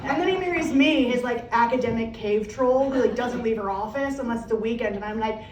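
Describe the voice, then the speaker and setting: A woman's voice: fairly high pitch, brisk, crowd noise. Brash American woman on a comedy stage. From United States. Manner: brash, profane storytelling with acted-out voices. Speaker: stand-up comedian. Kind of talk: stand-up comedy set. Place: comedy club stage with a live audience. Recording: echoey room, distant mic, faint noise.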